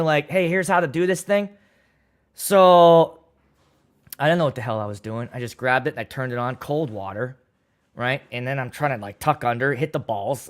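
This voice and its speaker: Male livestream host with a slightly high voice. Loose, rambling and crude, reads viewer comments on a studio mic. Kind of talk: casual livestream chat, reading viewer comments. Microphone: studio microphone.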